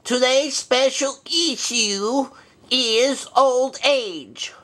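A man's voice: drawn-out words, sharp tone, exaggerated voice. A man voicing a forgetful, cranky old male bear rabbi who hosts a puppet comedy show, bumbling and stubborn. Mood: indignant. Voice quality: high-pitched, bumbling and cranky. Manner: forgetful, stubborn, easily flustered. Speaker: show host.

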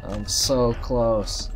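A man commentating a horror game while losing his voice, joking with the characters and yelping loudly at scares. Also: mid-range voice. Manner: jokey banter with game characters, yelps and shouts at jump scares. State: losing his voice, a bit sick. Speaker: gameplay commentator.

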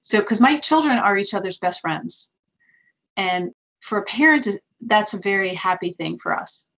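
A woman who is a homeschooling mother, speaking as a guest in casual conversation with gentle, heartfelt remarks. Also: mid-range voice, lively intonation, normal speed. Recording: muffled lo-fi audio.

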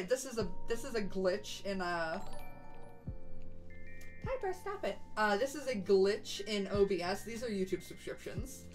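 A woman's voice: medium pitch, low-quality recording. A young woman streaming from home, chatting casually with her viewers in a bubbly, chatty way. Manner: chatty, bubbly, coos baby talk to her dogs. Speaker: VTuber streamer. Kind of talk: casual live-stream chat.

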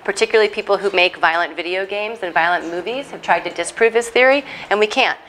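A woman gives a parenting talk to a church moms' group in an earnest, animated way. She often restarts her sentences and checks in with "right?". Her voice sits at a middle pitch, with a faint room hum in the background. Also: fast.

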